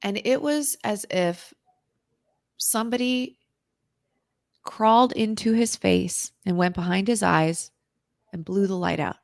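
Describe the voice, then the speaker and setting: A woman, a guest on an interview show, telling an intense personal story in a vivid, dramatic way, at times dropping to a hushed whisper. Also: medium pitch, fairly even intonation, slow pace, gravelly, pauses often, dry recording, clean studio sound. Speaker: interview guest, recovery author.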